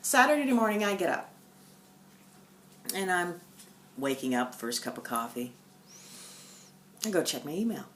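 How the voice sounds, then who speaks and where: Low-voiced woman, animated storyteller. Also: a little slow, long pauses, a little hiss or hum. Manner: animated storytelling, swings from loud bursts to hushed asides. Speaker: stitching vlogger. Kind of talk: casual chat. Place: at home.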